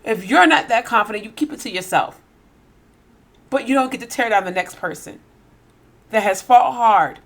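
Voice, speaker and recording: A woman host giving an emphatic faith-based motivational talk, full of rhetorical questions. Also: medium pitch.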